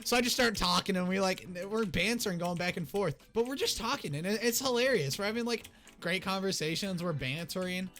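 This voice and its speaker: A young man telling a rambling, excitable story to his viewers in a casual storytime vlog. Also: high-pitched, brisk. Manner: excitable, rambling, restarts often. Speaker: YouTuber.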